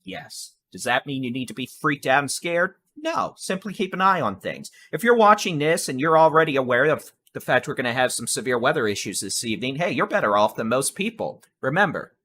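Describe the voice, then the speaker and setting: A man's voice: mid-range voice, expressive, brisk, few pauses, bright, forceful tone. A man giving live severe weather coverage in a conversational, reassuring way, addressing the viewers directly as folks. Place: home studio with air conditioner.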